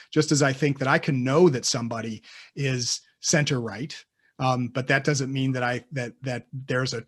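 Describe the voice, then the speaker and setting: Halting man speaking on a panel. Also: medium pitch, a bit bright. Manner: halting, many restarts and repeated words. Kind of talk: unscripted panel discussion.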